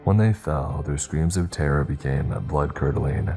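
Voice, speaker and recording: Man, extremely deep voice, first-person horror narration, slow and grim, faint music underneath. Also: dark tone.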